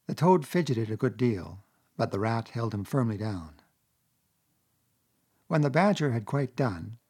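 A man narrating a classic children's story aloud in a steady reading voice. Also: medium pitch, slightly rough.

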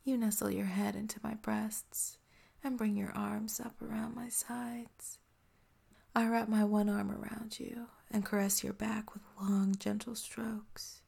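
Speaking close to the mic, a woman narrates a whispered role-play in a soft, slow, intimate whisper. Her voice is medium in pitch, level in tone, creaky and husky.

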